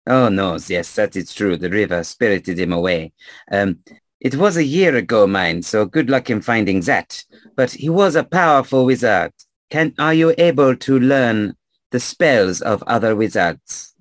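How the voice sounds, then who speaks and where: Man doing a sly French-accented traveler, teasing, lowish voice, dry sound. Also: animated, measured pace, no room sound. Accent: put-on French. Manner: teasing, playful.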